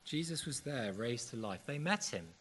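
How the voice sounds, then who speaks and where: A man preaching a sermon in a church service, earnest and measured, with occasional fillers. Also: mid-range voice, lively intonation, a bit bright, husky.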